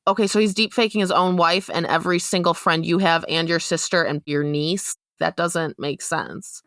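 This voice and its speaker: A young woman giving an earnest, measured personal account on a podcast, growing urgent at times. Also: fairly low pitch, a bit bright, no echo. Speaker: interviewee recounting her experience.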